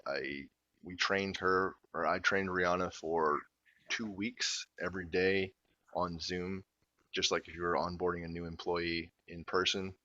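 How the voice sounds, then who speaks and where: A man's voice: deep voice, bright, forceful tone, no room sound. A man presenting his business setup over a video call, explaining plainly and step by step. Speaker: guest presenter. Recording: dull lo-fi call audio.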